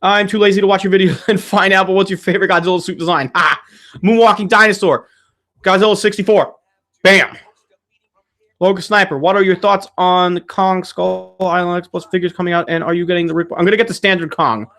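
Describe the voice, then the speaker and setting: Man, fairly high voice, casual livestream chat, rambling and swearing, rants. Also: flat delivery, fast talker, a bit bright. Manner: rambling, profane, ranting. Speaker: channel host answering viewer questions. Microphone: streaming setup mic.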